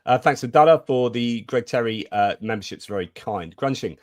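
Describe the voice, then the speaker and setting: A man's voice: medium pitch, measured pace, no echo, studio quality. A man co-hosting a casual live stream, chatting about the news and reading out viewer comments.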